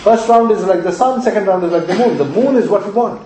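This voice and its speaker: A man's voice: high voice, quick pace, darkish tone, a little hiss or hum. A male astrology teacher lecturing students, emphatic and repetitive, often checking that they follow. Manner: emphatic, repeats key points, quizzes the audience. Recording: very echoey room, mic far off.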